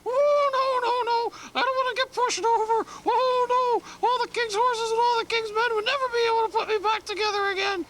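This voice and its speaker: A man's voice: extremely high pitch, fairly even intonation, a little fast, few pauses, a bit bright, a little hiss or hum, pitched above the performer's own voice, low-quality recording. A man voicing a tiny, fragile talking egg who pleads shrilly and frantically. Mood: panicky.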